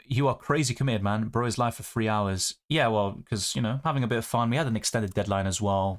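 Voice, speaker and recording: A man, hosting a live stream and chatting through viewer questions and comments. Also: mid-range voice. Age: 20s. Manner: chatty, reads viewer comments aloud and answers them. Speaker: fantasy football streamer.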